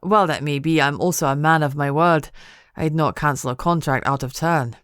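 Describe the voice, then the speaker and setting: A woman's voice: low voice, normal speed, a bit bright, clear, resonant tone, dry recording, clean studio sound. A woman narrator voicing a polite young husband who talks earnestly and stammers a little.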